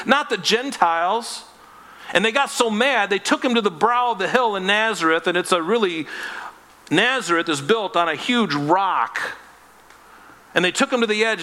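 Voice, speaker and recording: A male pastor with a high, pushed, bright voice preaches a sermon with a long hall reverb around him. He's earnest and conversational, acting out little voices as he tells the story.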